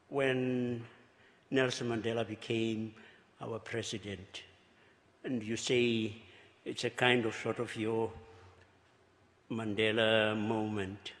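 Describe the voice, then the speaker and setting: A South African archbishop giving a luncheon speech, halting and repeating words, swinging between hushed remarks and exclamations with chuckling asides. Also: male voice, medium pitch. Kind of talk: after-dinner speech. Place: luncheon banquet hall. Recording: reverberant banquet hall.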